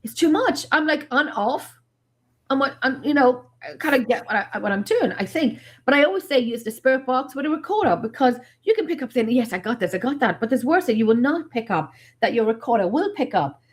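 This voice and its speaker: A woman's voice: sits high, fairly quick. A middle-aged woman chatting on a paranormal panel, telling blunt, joking stories with lots of emphasis. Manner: animated, emphatic storyteller with blunt jokes. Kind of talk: casual panel chat.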